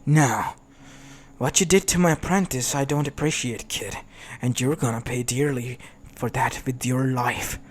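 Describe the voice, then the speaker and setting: Guy playing a gruff mercenary swordsman, menacing, bit loud. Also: medium pitch, unhurried, natural voice. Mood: threatening.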